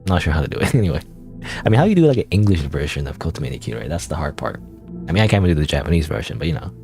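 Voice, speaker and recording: A man's voice: a bass voice, very animated, rapid-fire, creaky, over music. A man streaming a game, rambling in self-deprecating asides. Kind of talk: let's-play commentary.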